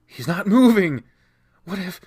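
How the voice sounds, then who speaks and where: A man's voice: medium pitch, normal speed, a bit bright, natural voice. A man voicing a frantic young woman in a game who talks urgently and is out of breath. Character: young woman, frantic but forcing calm.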